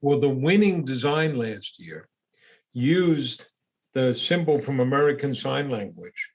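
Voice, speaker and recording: A man's voice: mid-range voice, animated, unhurried. A middle-aged man as a podcast guest, explaining his business in a plain, conversational way with some fillers. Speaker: guest, small business owner. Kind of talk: casual interview chat.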